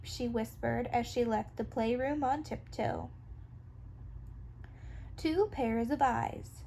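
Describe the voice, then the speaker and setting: A woman reading a children's story aloud in a calm, even storytelling manner. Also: a little high, slow, vocal fry, pauses often, a little hiss or hum, poor audio. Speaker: storybook reader.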